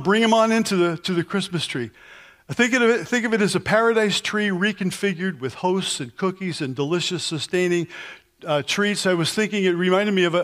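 Male pastor preaching, slightly high voice, chatty storyteller who restarts his sentences. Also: fairly bright tone. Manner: conversational, storytelling with frequent restarts; sings hymn lines slowly. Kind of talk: sermon.

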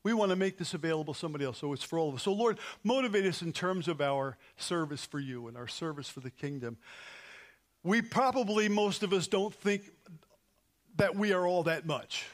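A man's voice: high-pitched, a little fast. A man, a pastor leading an earnest closing prayer in a church service, rising to emphatic peaks. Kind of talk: sermon prayer. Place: church sanctuary.

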